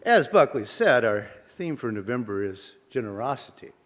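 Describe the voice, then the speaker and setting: A man, a minister, giving a sermon in a measured, reflective way and asking many rhetorical questions. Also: medium pitch, sing-song. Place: church sanctuary. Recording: long reverb of a large hall.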